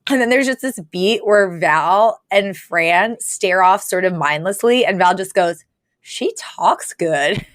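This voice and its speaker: A woman co-hosting a podcast, telling a story in a loose, chatty way with plenty of laughs and "like"s. Her voice sits at an average pitch. It is recorded close and dry. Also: measured pace, hardly any pauses, no room sound. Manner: animated storytelling with frequent laughs and filler likes. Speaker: podcast co-host recapping an episode. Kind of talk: casual chat.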